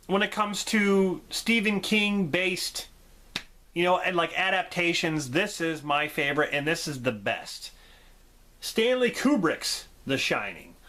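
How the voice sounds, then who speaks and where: A man reviewing horror movies in a casual vlog, enthusiastic and quick to laugh. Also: sits high, bright, forceful tone. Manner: enthusiastic, laughs often, acts out quotes.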